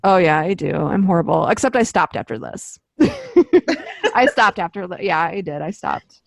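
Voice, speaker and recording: Animated young woman telling a story. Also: on the low side, moderate pace, vocal fry, no room sound. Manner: animated, swears often, acts out her own quotes. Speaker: podcast co-host. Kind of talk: casual chat, storytelling. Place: home office. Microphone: podcast mic.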